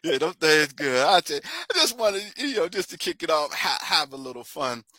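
A man's voice: fairly high pitch, very animated, normal speed, sharp tone, dry recording. A man interviewing a guest in a playful, casual way and laughing often.

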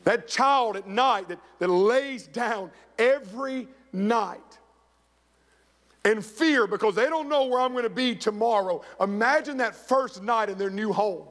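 In a church sanctuary, a pastor preaches a sermon full of stories, acting out the voices of the people he quotes. His voice sits high and a bit bright, and he keeps a measured pace, all captured in an echoey hall.

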